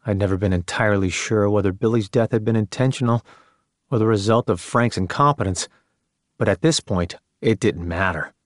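A man reading a first-person story in a measured, subdued way. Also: on the low side, dry recording, clean studio sound. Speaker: narrator. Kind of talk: first-person audiobook narration.

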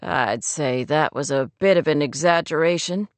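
A woman's voice: moderate pace, no room sound. A woman voicing a troubled young man in love. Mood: steady. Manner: low, subdued, husky.

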